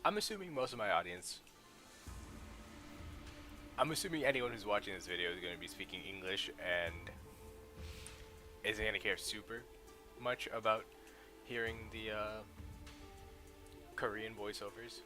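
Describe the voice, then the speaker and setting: A man's voice: lowish voice, moderate pace, pauses often, pushed and bright, soft background music. A young man streaming a live reaction to a game, chatting casually with lots of fillers and reading the dialogue aloud in his own voice. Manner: casual, rambling with frequent "like" fillers.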